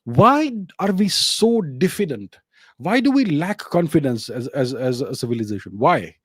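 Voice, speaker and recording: A man's voice: a little high, sing-song, moderate pace, breathy edge, no room sound, studio quality. A man with an Indian English accent, hosting a solo commentary show and answering viewer questions, emphatic and full of rhetorical questions.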